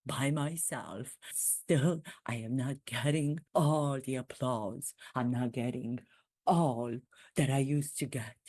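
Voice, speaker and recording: A stiff, formal royal prince, put on by a performer who mocks himself in a comic impression. He talks slowly and deliberately, with a dry, close sound and no put-on accent. He keeps the prim, polite manner throughout. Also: medium pitch, warm tone, no echo. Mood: self-mocking. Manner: stiff, formal, self-deprecating. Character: self-mocking royal prince, adult man, impression.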